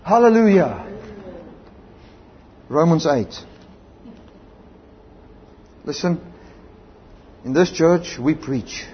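A man with a South African English accent preaches slowly in a voice that's a little high. He leans hard into his stories and says amen and hallelujah along the way. Recorded lo-fi, the sound is slightly dull and has faint background noise.

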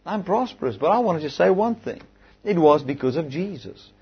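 A man preaching a sermon, moving between emphatic, raised exhortation and quieter scripture reading. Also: on the high side, expressive, a little fast, husky. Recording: dull, lo-fi recording.

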